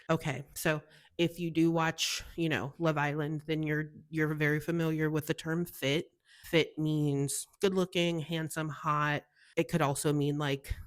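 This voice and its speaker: A young woman from the US talks in a casual, gushing way on her own show. Her voice sits low for a woman, and she sounds bubbly and chatty throughout. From United States. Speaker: podcast host. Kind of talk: casual solo chat.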